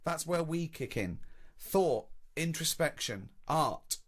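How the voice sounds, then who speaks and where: A man's voice: on the high side, expressive, slow. An English man hosting a casual radio chat, teasing and incredulous. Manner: incredulous, teasing, laughs often. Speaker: radio host.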